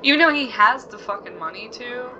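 A woman's voice: fairly high pitch, animated, fairly quick, bright, forceful tone, muffled recording, a little hiss or hum. A woman hosting a game let's play, chatting casually, swearing freely and reacting aloud to what happens on screen. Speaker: gaming channel host.

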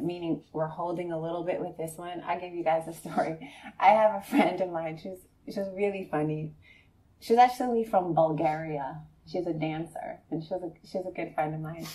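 A woman meditation teacher gives a conversational dharma talk to a live group, laughing often and checking in with listeners by frequently asking "right?" She tells stories animatedly, voicing her friends in a high, excited tone.

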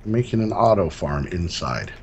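A man co-hosting a casual Minecraft let's-play, relaxed and narrating each step as he builds. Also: deep voice, normal speed, gravelly, slight background noise. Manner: relaxed, narrates his own building steps. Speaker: gaming channel co-host.

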